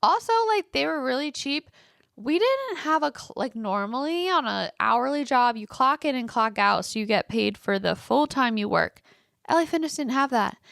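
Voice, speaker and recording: Gravelly young woman ranting. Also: high-pitched, big pitch swings, normal speed, a bit bright, no room sound, studio quality. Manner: exasperated, swears freely, heavy use of "like". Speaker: podcast host. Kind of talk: casual storytelling rant.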